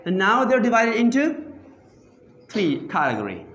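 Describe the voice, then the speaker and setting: A man's voice: sits high, huge pitch swings, measured pace, a bit bright, lo-fi sound. A man teaching a grammar lesson to a class, often repeating himself and quizzing students. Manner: questioning, repeats phrases and asks the class to answer back. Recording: echoey room.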